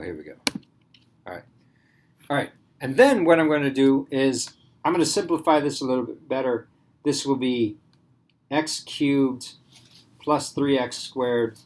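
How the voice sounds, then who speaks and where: A man teaching a math class in a casual way, thinking aloud and checking in with his students. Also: medium pitch.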